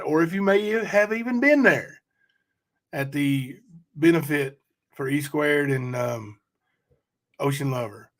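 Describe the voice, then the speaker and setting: Chatty man hosting a livestream. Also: a little high. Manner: chatty, rambling, addresses chat directly. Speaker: livestream host. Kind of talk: casual livestream chat reading viewer comments.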